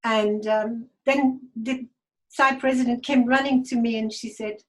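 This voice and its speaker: A woman telling a personal story to an online group over a video call, halting and hesitant, with many fillers and restarts. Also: a little high, steady tone. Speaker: guest speaker. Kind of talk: personal testimony talk.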